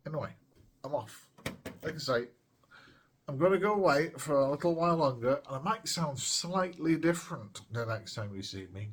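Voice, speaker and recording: A British man talks to camera in a loose, chatty way as he unboxes something, tossing in playful asides. His voice sits in a middling register with a breathy, husky grain. The delivery is relaxed and meandering. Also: medium pitch. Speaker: retro gaming vlogger. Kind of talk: casual unboxing chat to camera.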